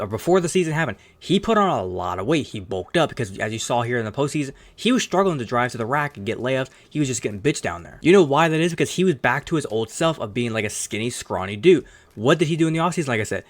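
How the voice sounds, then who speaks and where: A man's voice: mid-range voice, very animated. A man hosting his own sports channel, giving rambling, opinionated commentary in a casual tone and swearing now and then. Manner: fast rambling opinionated talk with some cursing.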